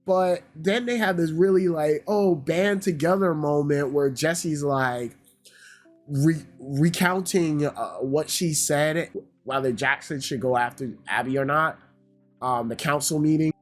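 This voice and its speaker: A man's voice: fairly high pitch, unhurried, soft background music. A man giving a casual, ranting review, swearing heavily and sounding exasperated. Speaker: YouTube reviewer.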